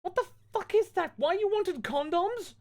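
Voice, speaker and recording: A man voicing a foul-mouthed, angry goth teenage girl who shouts and sneers. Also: medium pitch, very animated, normal speed.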